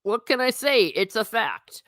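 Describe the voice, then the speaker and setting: A woman's voice: fairly high pitch, very animated, measured pace, fairly bright tone, no echo, studio quality. A middle-aged woman hosting a casual livestream chat, reading viewer comments and laughing often with self-mocking asides.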